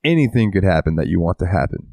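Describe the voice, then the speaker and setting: A man's voice: low voice, very animated, fast, darkish tone. A man co-hosting a casual podcast, rambling and swearing freely, acting out little quotes as he talks. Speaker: podcast co-host. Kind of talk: casual chat.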